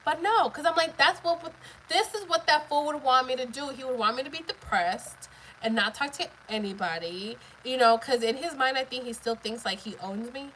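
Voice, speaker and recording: A woman's voice: high voice, moderate pace, sharp tone, a little hiss or hum, low-quality recording. A woman in her thirties chatting casually on a live stream, blunt, profane and emphatic as she tells her story.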